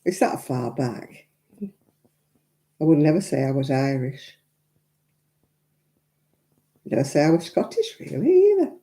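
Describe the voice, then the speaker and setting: Very dark-voiced English woman, chatty. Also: extremely low pitch, lively intonation, takes it slowly, pauses often. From England. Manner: chatty and opinionated, with frequent asides. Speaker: crafting channel host. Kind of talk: casual live-stream chat. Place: at home.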